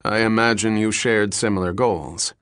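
A man doing a polite young detective who probes with measured, courteous questions. It is an even, everyday voice, recorded dry and close. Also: on the low side, clean tone, no echo, natural voice.

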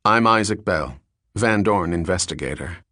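A man voicing a polite, skeptical detective who speaks in a courteous, measured way. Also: deep voice, animated, sharp tone, dry recording, clean studio sound, exaggerated voice.

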